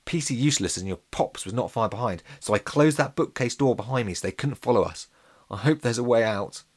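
A man's voice: mid-range voice, lively intonation, a little fast, husky. A man reading aloud, voicing a nervous schoolgirl who talks in a breathless, worried rush. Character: schoolgirl, nervous then eager.

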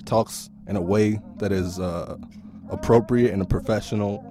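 A man's voice: on the low side, normal speed. A man hosting a podcast, delivering a casual, profane comedic rant full of laughs. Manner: animated, profane, laughing storytelling. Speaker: podcast host.

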